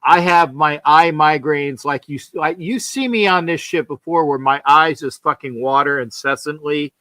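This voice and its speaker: High-voiced older man, blunt and profane. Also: moderate pace, sharp tone, no room sound. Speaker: show host. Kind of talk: casual livestream chat.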